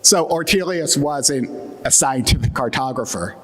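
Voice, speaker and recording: A man's voice: medium pitch, animated, unhurried, a bit bright. A man with an Atlantic Midland American accent giving a wry, joking conference keynote with frequent fillers. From United States. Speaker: keynote speaker. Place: large conference hall. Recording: long hall reverb.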